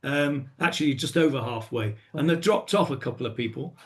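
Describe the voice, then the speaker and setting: A man's voice: medium pitch, fairly quick. A man giving an informal lesson on chanting a scripture reading, chatty with many ums and uhs, now and then breaking into song-like chant. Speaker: teacher.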